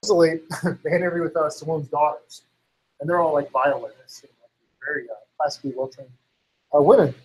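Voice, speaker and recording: A man's voice: on the high side, fairly even intonation, quick pace, long pauses, darkish tone, husky, low-quality recording. A man in casual chat, rambling with lots of fillers and acting out quotes. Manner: rambling, heavy use of "like" and "you know"; acts out others' lines in quotes.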